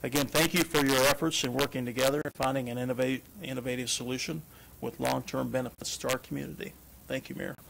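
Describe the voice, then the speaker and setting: A man's voice: medium pitch, fairly even intonation, quick pace, vocal fry, a bit bright, a little hiss or hum, low-quality recording. Formal man reading a statement. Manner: formal, read-out delivery. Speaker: chamber of commerce president. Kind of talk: prepared public statement. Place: council chamber.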